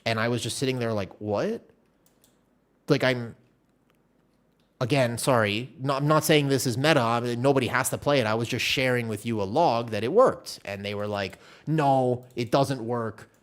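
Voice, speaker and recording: A man live streaming a game, telling a long story in a casual, animated way with many restarts. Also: medium pitch, a little fast. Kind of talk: casual chat while playing a game.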